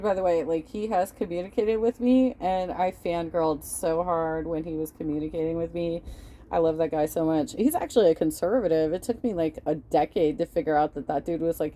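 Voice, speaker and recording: A woman's voice: deep voice, normal speed, warm tone. A woman hosting a casual reaction stream, talking in a loose, profane way and laughing often. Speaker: host reacting to videos.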